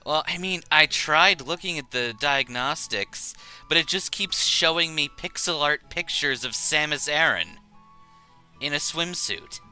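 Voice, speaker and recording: A man's voice: on the high side, animated, measured pace, bright, forceful tone, clean tone, faint music behind, poor audio. A man chatting and joking casually while streaming a video game. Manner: playful, joking.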